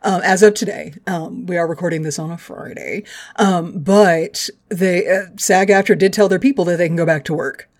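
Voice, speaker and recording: A woman's voice: fairly low pitch, steady tone, normal speed, a little mellow. A woman in her thirties co-hosting a podcast in casual chat, joking, laughing and swearing freely. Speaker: podcast co-host.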